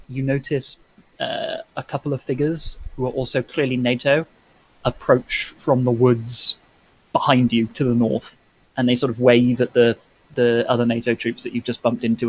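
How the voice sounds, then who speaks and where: A man narrating a tabletop game as game master, in a halting, descriptive way. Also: medium pitch, fairly even intonation, slightly rough, rough recording.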